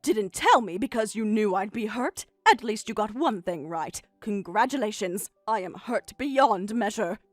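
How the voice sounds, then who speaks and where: Hurt middle-aged mother, woman voicing, sarcastic and bitter, animated delivery, dry close mic. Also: mid-range voice, a little slow, hardly any pauses, dry recording, faint music behind. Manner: biting sarcasm. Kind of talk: text-message story voice acting.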